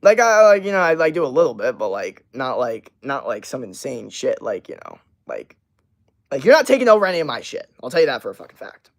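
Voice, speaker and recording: A man's voice: on the high side, very animated, moderate pace. A man hosting a livestream who rants bluntly and swears constantly. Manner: profane, blunt and ranting. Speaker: livestream host. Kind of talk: livestream rant.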